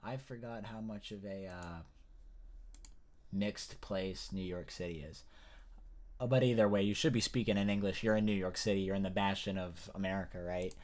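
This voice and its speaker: A man with a fairly low voice delivers a casual news commentary rant. He rambles, swears freely and often stops to restart his sentences. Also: steady tone, normal speed, a little mellow. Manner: rambling, profane, frequent restarts. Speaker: political commentator.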